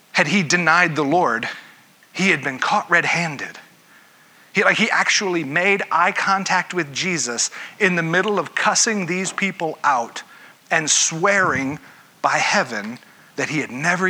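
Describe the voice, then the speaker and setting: A male pastor delivers an interactive sermon, talking casually and throwing questions out to his listeners. His voice is very bright and sharp-edged, with a noticeably husky grain. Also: fairly high pitch. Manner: conversational, asks the listeners questions.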